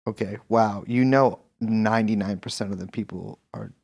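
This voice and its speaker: A man's voice: on the low side, moderate pace, gravelly, darkish tone, lo-fi sound. A man co-hosting a podcast in casual chat, joking and swearing as he talks. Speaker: podcast co-host.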